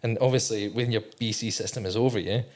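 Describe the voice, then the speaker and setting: A man's voice: fairly low pitch, steady tone, fast talker. A man, a podcast guest telling a candid story, swearing constantly and acting out his own thoughts. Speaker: podcast guest, former navy technician.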